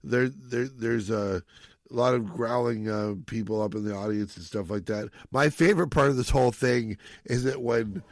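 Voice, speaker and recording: A man hosting a casual podcast, talking through a film in a rambling, animated way and acting out quoted lines. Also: medium pitch, moderate pace, no room sound. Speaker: podcast host.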